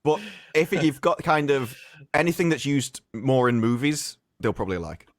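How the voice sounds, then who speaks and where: A man's voice: medium pitch, animated, moderate pace, dry recording. A British man chatting casually as a guest on a stream, making dry, wry remarks. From Britain. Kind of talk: casual chat.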